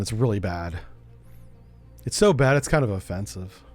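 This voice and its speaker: Animated, chatty male game streamer. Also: mid-range voice, brisk, pauses often, soft background music. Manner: chatty, joking, thinking out loud. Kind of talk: casual gameplay commentary.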